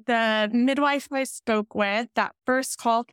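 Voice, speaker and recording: Brief: woman in her thirties, podcast guest, smooth clear voice, dry close sound, earnest and emotional storytelling. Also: a little high, slow, dry recording. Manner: candid, emotional, animated quoting of others. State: pregnant.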